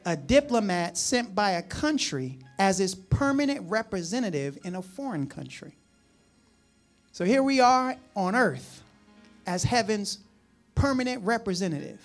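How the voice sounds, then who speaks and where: A man from the New Jersey or New York area preaching a conversational sermon, folksy and chatty with frequent asides and chuckles. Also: high-pitched. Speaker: pastor.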